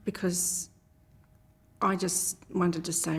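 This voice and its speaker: A woman's voice: lowish voice, level tone, slow pace, creaky, darkish tone, breathy edge. A middle-aged woman, a soldier's mother, speaking earnestly and emphatically in a TV interview.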